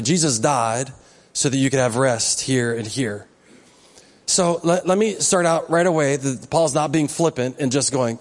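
A man's voice: medium pitch, moderate pace, big-room sound. A male pastor giving a sermon in a conversational way, with joking asides to the congregation. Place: church sanctuary.

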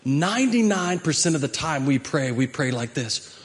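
Pastor, male, high-pitched voice, animated sermon delivery with chatty asides to the room. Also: normal speed. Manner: animated, emphatic preaching that acts out prayers and climbs to shouts; conversational asides with the congregation.

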